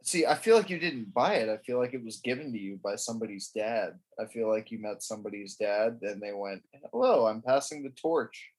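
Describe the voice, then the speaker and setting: A man with a husky, slightly breathy voice, bantering crudely and sarcastically on a podcast. He rambles through his jokes with an easy, offhand delivery. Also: lowish voice, fairly quick, hardly any pauses. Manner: rambling, sarcastic, laughing often.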